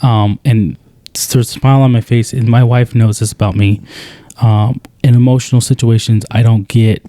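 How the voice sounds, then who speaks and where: A man co-hosting a podcast, talking earnestly in a casual conversation, with many halting restarts. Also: medium pitch, fairly even intonation, dark tone, no echo. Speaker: podcast co-host.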